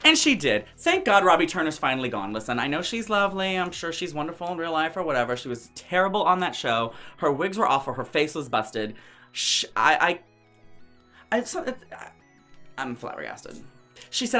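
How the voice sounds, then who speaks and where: A man's voice: on the high side, sing-song, moderate pace, pushed and bright, soft background music. A drag queen recapping a TV show in sassy, profane, theatrical commentary, often mimicking other people in quotes. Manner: brash, campy, profane, theatrical.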